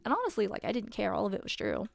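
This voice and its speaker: A woman's voice: mid-range voice, wildly swooping pitch, very fast, vocal fry, dry recording. A woman telling a personal story in a casual, wry way, full of fillers. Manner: chatty, wry, many fillers and laughs.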